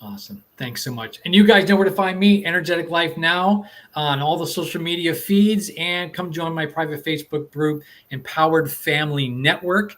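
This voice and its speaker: A man's voice: on the high side, moderate pace, few pauses, fairly bright tone. A man hosting a self-improvement talk show, thanking his guest and signing off with upbeat plugs. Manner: upbeat, promotional sign-off. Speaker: host.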